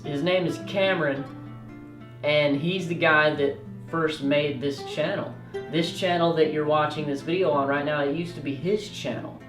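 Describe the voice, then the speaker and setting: Animated young man telling a story. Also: a little high, distant mic. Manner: animated, yelling out quoted lines and rushing through bursts. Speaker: storytelling host. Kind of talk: comedic story time. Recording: roomy echo, off-mic, faint music.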